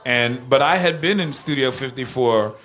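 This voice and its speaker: An older man guesting on a talk show who tells his stories with real animation. He laughs as he goes and drops into other people's voices along the way, in a relaxed, casual interview. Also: medium pitch, normal speed. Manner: animated anecdotes, laughs, acts out quoted voices. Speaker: musician guest.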